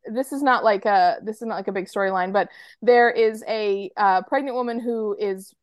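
A woman's voice: mid-range voice, normal speed, no room sound, studio quality. An American woman co-hosting a podcast, chatting casually with lots of fillers and restarts. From United States. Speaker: podcast co-host. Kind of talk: casual chat.

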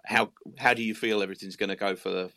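Low gravelly man, jokey co-host. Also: fairly even intonation, quick pace, pushed and bright, no echo, clean studio sound. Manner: jokey, friendly, rambling questions. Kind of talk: casual phone-in chat.

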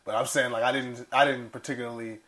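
A man co-hosting a pop-culture podcast, talking in a relaxed, rambling way and laughing often. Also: mid-range voice, fast talker, a crowd in the background. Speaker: podcast co-host. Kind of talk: casual chat.

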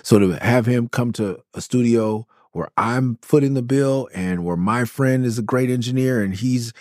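A man's voice: medium pitch, normal speed, darkish tone, dry recording, clean studio sound. A man hosting his own podcast, telling the stories behind his songs in a loose, enthusiastic, rambling way with lots of "like"s. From Los Angeles. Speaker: podcast host. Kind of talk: casual storytelling about his album.

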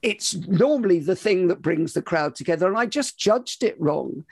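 High gravelly podcast host. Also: male voice, lively intonation, normal speed, dry recording. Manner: chatty, questioning, self-interrupting. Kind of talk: podcast interview.

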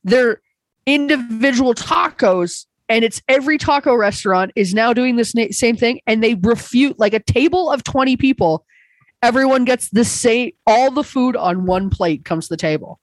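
Woman comedian guest, animated anecdote delivery, close dry podcast mic. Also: on the high side, moderate pace, dry recording, rough recording. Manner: animated storytelling, swearing, acting out exchanges. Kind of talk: casual podcast chat.

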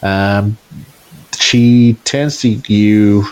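A man's voice: on the low side, extremely slow. Man narrating as game master. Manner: relaxed, filler-heavy narration.

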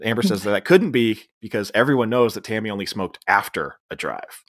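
A man's voice: on the low side, big pitch swings, a bit bright. A man co-hosting a podcast, casually recapping a comedy film's plot and mimicking characters' lines. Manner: recounts plot, acting out lines in quick voices. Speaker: podcast co-host. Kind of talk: casual movie recap chat.

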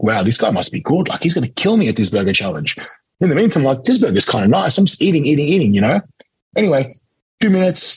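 A young Australian man, an interview guest, telling a lively casual story and acting out quoted lines. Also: mid-range voice, breathy edge, no room sound, poor audio. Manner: animated anecdote-telling, acts out quotes. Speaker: interview guest, competitive eater.

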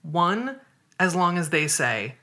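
A woman's voice: fairly low pitch, very animated, slow pace, bright, forceful tone. A woman hosting a casual podcast conversation, explaining her views thoughtfully step by step and often checking in with "right?". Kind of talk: casual conversation on body image.

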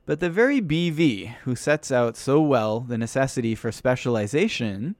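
A man's voice: mid-range voice, dry recording. Dry, close-miked man reading aloud. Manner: voices quotation marks aloud as "quote" and "unquote". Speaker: podcast host reading a political text aloud. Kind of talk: steady read-aloud narration.

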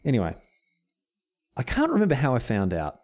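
This Australian podcast co-host spins a rambling story in casual chat, interrupting himself and acting out the dialogue. His mid-range voice swings hugely in pitch, moving briskly with a darkish tone.

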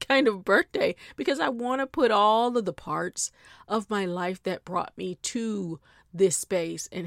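A woman's voice: medium pitch, dry recording, clean studio sound. A middle-aged woman hosting a podcast, chatting in a playful, casual way straight to her listeners. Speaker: podcast host. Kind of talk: casual chat.

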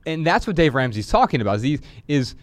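A middle-aged man co-hosting a podcast, chatting and reading his own writing aloud with lively storytelling. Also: a little high, fast, no room sound. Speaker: podcast co-host.

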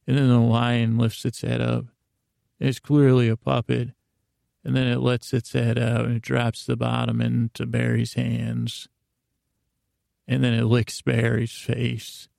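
A man hosting a podcast, telling an improvised comic story in a rambling, halting way with many "he goes" asides. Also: medium pitch, monotone, gravelly, darkish tone, no room sound, studio quality. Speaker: podcast host.

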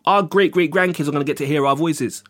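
A man's voice: fairly high pitch, fast talker, fairly bright tone. A man co-hosting a casual podcast, teasing and joking with his partner. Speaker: podcast co-host. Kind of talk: casual chat.

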